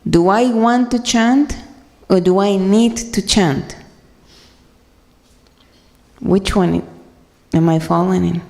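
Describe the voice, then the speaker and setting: A woman's voice: medium pitch, vocal fry, darkish tone. Earnest woman speaking in a reverberant hall. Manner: earnest, halting, many fillers and restarts. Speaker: speaker sharing at a devotional gathering. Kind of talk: personal talk to a congregation.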